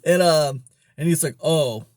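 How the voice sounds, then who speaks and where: A man's voice: mid-range voice, lively intonation, moderate pace, darkish tone, dry recording. Casting note: everyday man telling a store story to camera, loose and chatty, with a mid voice in a dead, dry room. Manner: rambling, many fillers and restarts. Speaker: online business vlogger. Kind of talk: casual storytelling monologue.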